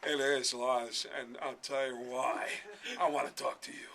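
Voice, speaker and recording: A man doing an impression of an eccentric older actor, speaking slowly with odd halting stresses. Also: mid-range voice, flat delivery, gravelly, bright, forceful tone, pitched below the performer's own voice. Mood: deadpan. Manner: slow, halting, oddly stressed.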